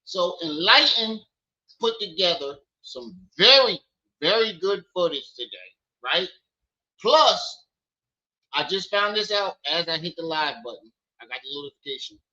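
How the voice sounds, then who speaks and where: Male streamer on daddy duty, bright ringing tone, a bit high, dull lo-fi stream audio. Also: a little slow. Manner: loud playful teasing with his kids, then relaxed talk. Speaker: live stream host. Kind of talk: casual live stream chat. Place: at home with children.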